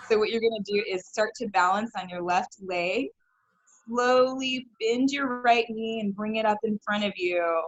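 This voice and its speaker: A woman's voice: mid-range voice, moderate pace, dry recording. A woman leading a kids yoga class over a video call, upbeat and encouraging, laughing often. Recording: dull lo-fi video call audio.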